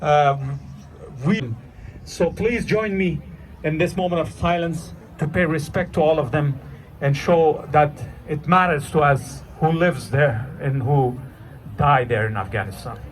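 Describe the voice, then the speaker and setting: A man organizing and emceeing an outdoor demonstration, speaking earnestly with many pauses and fillers. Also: a little high. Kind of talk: addressing an outdoor rally. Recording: distant mic with outdoor noise.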